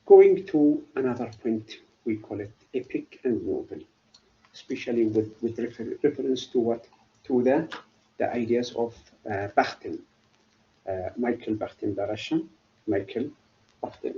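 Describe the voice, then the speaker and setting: A middle-aged man giving a university literature lecture, halting and often asking then answering his own questions. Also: mid-range voice, warm tone, dull audio. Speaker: literature professor.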